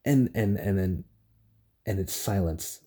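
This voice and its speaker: A young man alone at home, recording a casual solo rant on his phone, rambling excitedly and swearing often. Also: low-pitched, slow, breathy edge. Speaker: podcast host. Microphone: phone recording app.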